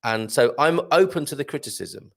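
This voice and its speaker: A light-hearted man hosts a live chat show, speaking in an animated, creaky, medium-pitched voice at normal speed. He reads out viewer comments and laughs often.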